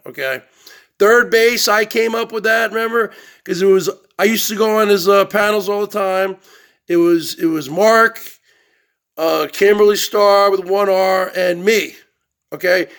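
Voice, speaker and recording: A man's voice: high-pitched, vocal fry, fairly bright tone. A middle-aged man hosting his own show, ranting in a boastful livestream monologue and often asking "okay?". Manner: boastful, repeats "okay?" and "I came up with that". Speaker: show host.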